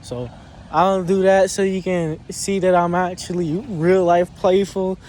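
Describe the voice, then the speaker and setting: A young man with a squeaky voice chatting casually in a vlog, rambling with restarts, recorded on a phone outdoors. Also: level tone, darkish tone. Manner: rambling, restarts, drawn-out pauses. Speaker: vlogger.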